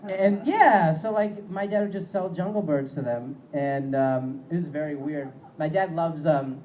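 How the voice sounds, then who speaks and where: A man's voice: a little high, a little slow, highs cut off. A young man doing stand-up comedy on a club stage, rambling and self-deprecating, with plenty of fillers.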